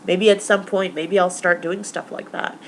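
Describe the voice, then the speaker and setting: A young vlogger with a low-side voice, steady tone, and normal speed rambles through her week to camera, using lots of fillers. Emotional and tearful, she's getting over stomach flu, and a little hiss or hum runs underneath.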